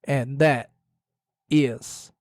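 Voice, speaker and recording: Solo podcast host, man, a little hoarse, rambling and jokey; mellow, slightly high voice, dry close sound. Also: fairly even intonation, drawn-out words, no echo. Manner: rambling, self-correcting, jokey. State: slightly hoarse, losing his voice.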